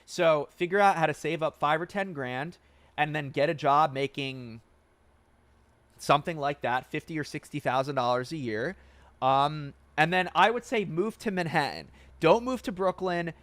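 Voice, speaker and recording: A man's voice: on the high side, moderate pace, no echo. A man in his twenties hosting a casual livestream Q&A, reading viewer questions aloud, swearing and getting worked up. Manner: animated, swears and gets fired up. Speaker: livestream host. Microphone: wearing headphones, close desk mic.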